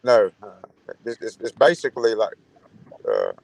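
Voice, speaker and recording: A man's voice: on the low side, huge pitch swings, moderate pace, vocal fry, darkish tone, rough recording. A man chatting casually, hesitant and stammering, repeating words. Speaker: guest in chat. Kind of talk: casual chat.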